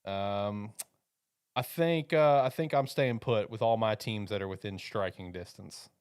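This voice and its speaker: A man's voice: on the low side, unhurried, a little mellow, clear, resonant tone, no echo, clean studio sound. A man hosting a mock draft with playful banter and frequent laughter. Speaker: host running a mock draft. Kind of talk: casual joking chat.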